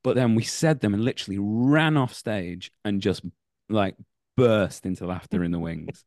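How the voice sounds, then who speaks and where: Deep-voiced Manchester man telling stage stories. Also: moderate pace, no echo, studio quality. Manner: animated anecdotes, laughs mid-story. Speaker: actor and acting teacher. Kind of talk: casual podcast interview, storytelling.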